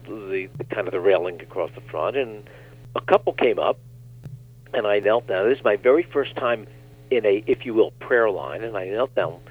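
A man, a guest minister, telling animated stories on a talk show and acting out the quotes. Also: fairly low pitch, normal speed, breathy edge. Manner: animated storyteller, acts out quotes. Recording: tinny phone line.

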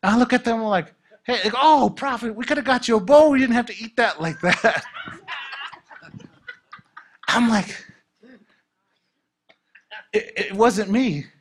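A man preaching and telling a testimony story, acting out the dialogue with lively energy. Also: very high voice, normal speed, pauses often, slight background noise. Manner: animated, acts out dialogue.

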